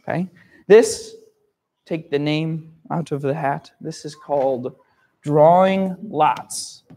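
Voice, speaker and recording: A man's voice: on the high side, slow, dark tone. A man telling a simple story to young learners, repeating words, spelling them out and checking understanding with "okay?".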